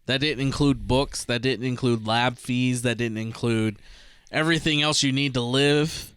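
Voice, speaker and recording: Smooth-voiced man co-hosting a podcast. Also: medium pitch, moderate pace, no room sound, clean studio sound. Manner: relaxed, laughs easily, rambling restarts. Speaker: podcast co-host. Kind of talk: casual chat.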